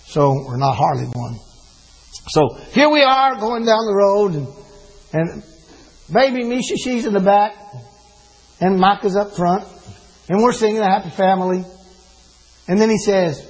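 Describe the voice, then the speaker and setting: A man's voice: high-pitched, creaky, breathy edge, rough recording. An older man, preaching a sermon with folksy storytelling and emphatic rises.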